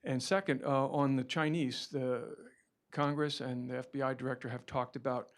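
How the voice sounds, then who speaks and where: A man, a journalist in the audience, asking a long question in a deliberate way. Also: mid-range voice, fairly even intonation.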